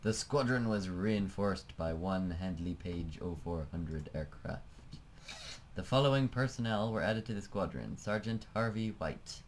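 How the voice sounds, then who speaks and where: A man with a fairly low voice talks casually through a flight-sim game, musing aloud and letting sentences trail off. He sounds like a desk-mic home recording with a faint hum behind him. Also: expressive, a little slow. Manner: chatty, thinking aloud, trailing off. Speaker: let's play host. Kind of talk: casual gameplay commentary.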